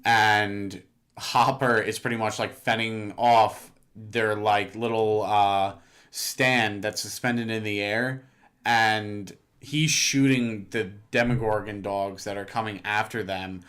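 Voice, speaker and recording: A man's voice: fairly low pitch, steady tone, slow, a bit bright. Man, podcast co-host, casual recap, corrective. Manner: corrects and fills in plot details, lots of "like" and "uh". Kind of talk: casual chat recapping a show.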